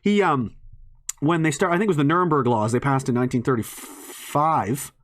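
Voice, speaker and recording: A man's voice: on the high side, moderate pace. A man in a ranting monologue to an audience, swearing often, rambling and breaking into laughs mid-sentence.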